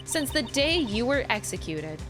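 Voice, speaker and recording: A commanding woman lawyer spirit speaks cold and firm, played by a woman. Each word lands measured and final. Game music runs behind her. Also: fairly high pitch, sing-song.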